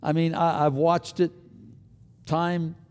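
An older man preaching a sermon as pastor, earnest, swinging between a loud push and a hushed near-whisper. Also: a little high, little pitch movement, slow pace, clear, resonant tone, big-room sound.

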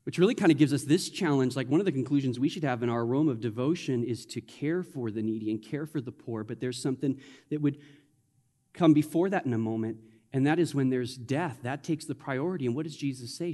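A man preaching a sermon as a pastor, in a lively conversational manner with playful asides, in a church sanctuary. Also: medium pitch, brisk, big-room sound.

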